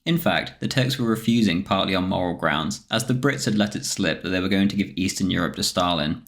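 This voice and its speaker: Narrating a scripted history documentary, a deep, low-voiced man reads each line. He keeps the pacing even and measured throughout.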